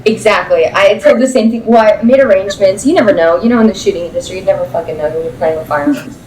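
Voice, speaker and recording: A woman's voice: mid-range voice, fast, a little mellow, a little hiss or hum. A young woman, a podcast guest, telling a story in blunt, profane casual chat with frequent laughs. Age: young adult. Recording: roomy sound from a distant mic.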